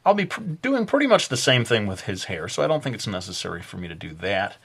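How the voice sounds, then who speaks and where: Low-voiced man narrating a drawing lesson. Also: sing-song, quick pace, a bit bright, breathy edge. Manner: hesitant, lots of fillers, self-joking. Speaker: drawing teacher. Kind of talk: casual drawing tutorial narration.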